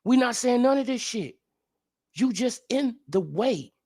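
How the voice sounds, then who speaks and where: A man's voice: very high-pitched, animated, unhurried, darkish tone. A man ranting in sports commentary as a vlogger, profane and incredulous, firing off heated rhetorical questions.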